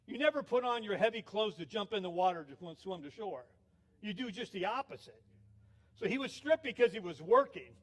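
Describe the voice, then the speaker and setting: A man's voice: sits high, animated, brisk. A male pastor giving a sermon, telling stories with acted quotes. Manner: storytelling with laughs, acted quotes.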